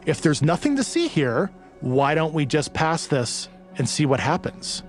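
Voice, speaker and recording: Male commentator, mid-pitch, pointed and challenging, faint music. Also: very animated, a little slow.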